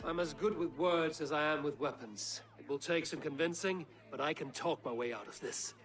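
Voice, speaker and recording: Commanding viking warrior, voiced by a man, steady delivery, slightly higher voice. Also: normal speed, soft background music, close to an everyday voice. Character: fierce male viking warrior.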